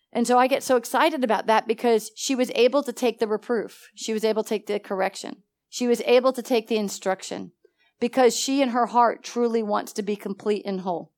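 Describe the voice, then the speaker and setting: A woman teaching a church Bible study with animated energy, laughing often and acting out conversations. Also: mid-range voice. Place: church meeting room.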